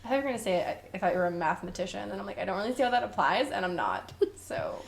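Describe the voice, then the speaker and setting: A young woman co-hosting a podcast in casual chat, wry and joking with quick asides. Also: mid-range voice, big pitch swings, gravelly. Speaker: podcast co-host. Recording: faint background noise.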